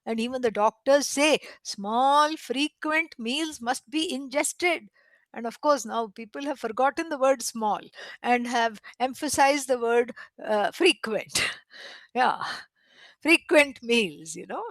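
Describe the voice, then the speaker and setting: A woman teaching a spiritual class, telling the story in an animated way, chuckling often and chanting Sanskrit verses. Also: high voice, slow, no echo. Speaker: Vedanta teacher.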